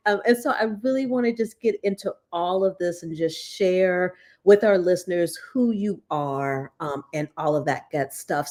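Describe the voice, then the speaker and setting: Low-voiced woman hosting an interview. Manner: relaxed, encouraging prompts. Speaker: podcast host. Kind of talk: conversational interview.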